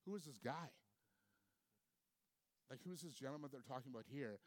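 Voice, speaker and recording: A man's voice: medium pitch, expressive, normal speed, no echo. A man preaching a sermon, reading scripture aloud and then reflecting on it with questions for his listeners. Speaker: pastor.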